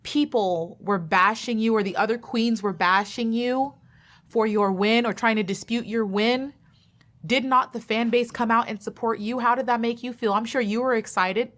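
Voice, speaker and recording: A woman's voice: on the high side, fairly even intonation, normal speed, fairly bright tone. A woman commenting bluntly and sassily. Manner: blunt, sassy and emphatic. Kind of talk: opinionated reaction commentary.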